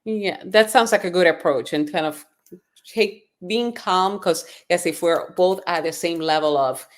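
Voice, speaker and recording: A woman's voice: on the low side, a little slow. A woman hosting an interview podcast, asking thoughtful questions with hesitant restarts. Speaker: podcast host. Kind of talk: casual interview.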